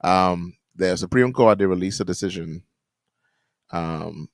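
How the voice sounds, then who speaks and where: A man's voice: sits low, measured pace, dry recording, clean studio sound. A Bahamian man co-hosting a morning radio show, chatting casually and laughing often. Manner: chatty, laughs often, restarts mid-sentence. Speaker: radio co-host. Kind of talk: casual chat. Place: radio studio.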